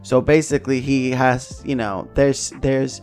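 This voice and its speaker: A man hosting a casual podcast, his speech loose and meandering, swearing freely and breaking into laughs. His pitch sits in an ordinary middle range. Faint music hums underneath. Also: level tone, a little slow, a little mellow. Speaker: podcast host. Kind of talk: casual chat.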